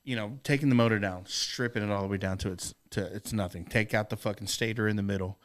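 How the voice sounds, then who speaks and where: A man's voice: lowish voice, fairly even intonation, fast. A middle-aged man and podcast co-host, telling a long personal story in a rambling, earnest, profanity-laced way. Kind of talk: casual storytelling chat.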